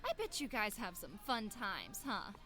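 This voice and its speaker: A woman's voice: mid-range voice, very animated, unhurried, sharp tone, faint music behind. A woman voicing a nosy, teasing young woman in a comedic abridged dub. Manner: teasing, prying. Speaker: voice actor in a fan abridged series.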